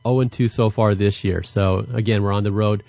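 An upbeat male co-host rambling about the week's game, full of fillers. His voice is mid-pitched and sounds dry and close. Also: fairly even intonation, a little fast, gravelly, a little mellow, dry recording. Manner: upbeat, talks with lots of fillers. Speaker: podcast co-host. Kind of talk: casual sports chat.

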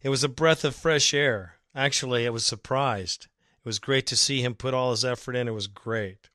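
A man's voice: mid-range voice, steady tone, moderate pace, sharp tone, no echo, clean studio sound. A man hosting a fan podcast, ranting emphatically and with exasperation about his team's coaching. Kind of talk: ranting sports commentary.

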